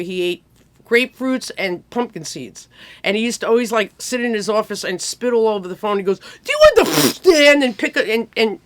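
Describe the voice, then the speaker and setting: A woman in her sixties telling lively stories from her music career, acting out people as she goes. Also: medium pitch. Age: 60s. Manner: animated, acts out people in quick impressions. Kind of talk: casual storytelling.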